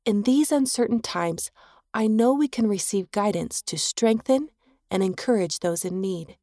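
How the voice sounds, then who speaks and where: A woman reading a devotional first-person story aloud in a calm, measured way. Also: medium pitch, dry recording, clean studio sound. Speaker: reader. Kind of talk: scripted narration of a devotional story.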